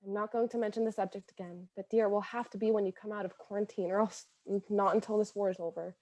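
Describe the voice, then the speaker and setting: A woman's voice: medium pitch, steady tone, quick pace, a little mellow, dry recording, close to an everyday voice. A woman reading the letters of a young woman from 1918, earnest and imploring, with a lovesick, pleading tone. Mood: longing. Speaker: reader of historical letters.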